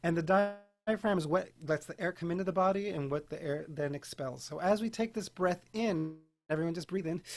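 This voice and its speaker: A man teaching an online beginning singing class, guiding breathing and posture and demonstrating vocal warm-ups in a playful, encouraging way. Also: on the high side. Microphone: home video call mic. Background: keyboard accompaniment.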